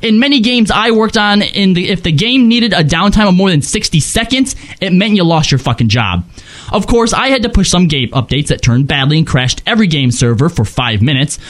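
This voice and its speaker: A man's voice: high-pitched, lively intonation, fairly quick, fairly bright tone. A man co-hosting a casual gaming podcast, profane and joking as he reads patch notes and listener emails. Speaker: podcast co-host.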